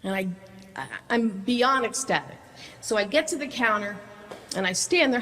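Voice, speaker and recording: A woman singer-songwriter telling a personal story in an excitable, animated way, with many stumbling restarts. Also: medium pitch, normal speed, pauses often, big-room sound, low-quality recording.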